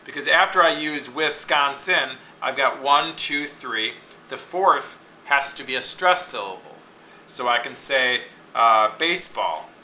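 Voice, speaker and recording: A man's voice: medium pitch, expressive, a little slow, bright, forceful tone, roomy sound, a little hiss or hum, rough recording. A man teaching a lesson, explaining step by step and often checking in with "okay?". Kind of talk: classroom lecture on poetic meter.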